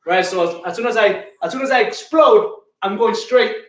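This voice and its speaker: A man's voice: sits high, moderate pace, a bit bright, echoey room. A man leading a live online kettlebell class, counting reps and giving coaching cues while out of breath. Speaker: fitness coach.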